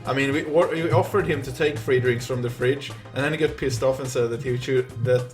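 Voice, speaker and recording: A man's voice: medium pitch, fairly even intonation, brisk, faint music behind. Rambling young Swedish-accented streamer man. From Sweden. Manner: rambling storytelling with fillers. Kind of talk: casual chat while gaming live.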